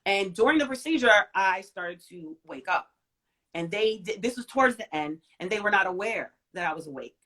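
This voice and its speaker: A woman in her forties, a guest in an interview, telling a personal story in an emphatic way, swinging from loud to soft. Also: medium pitch, lively intonation, normal speed.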